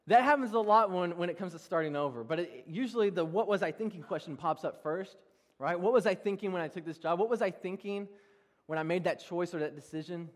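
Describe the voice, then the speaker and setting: A young male pastor preaching a sermon, telling self-deprecating personal stories in an animated way with frequent laughs. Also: high-pitched, fast. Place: large church hall. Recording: long reverb of a church hall.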